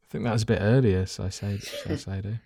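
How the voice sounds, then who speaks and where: A man's voice: fairly low pitch, rapid-fire, creaky, warm tone, no room sound. Teasing man hosting a quiz. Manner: teasing, reads clues with playful asides. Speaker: quiz host. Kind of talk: casual quiz among friends.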